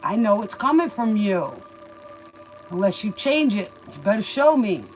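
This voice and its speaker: A woman reads tarot in a loose, homespun way, preaching about tears, lessons and faith while calling her listener baby. Her voice sits in a middle register, neither high nor low. Quiet music plays faintly behind her. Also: expressive, moderate pace, rough recording. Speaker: tarot reader and livestream host. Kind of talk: casual spoken tarot reading.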